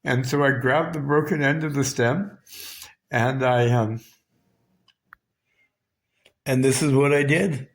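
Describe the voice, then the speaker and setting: A man's voice: mid-range voice, fairly even intonation, takes it slowly, long pauses. Raw, profane Canadian man. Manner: raw, profane, emotionally charged. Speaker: vlogger. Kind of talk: personal storytelling.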